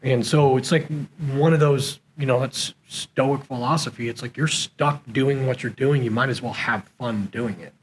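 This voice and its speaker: A man, a former SEAL leader and podcast guest, telling leadership stories in an animated way and acting out the dialogue. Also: medium pitch, normal speed, few pauses, a little hiss or hum, poor audio. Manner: animated storyteller who acts out quoted dialogue. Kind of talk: conversational interview storytelling. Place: conference venue.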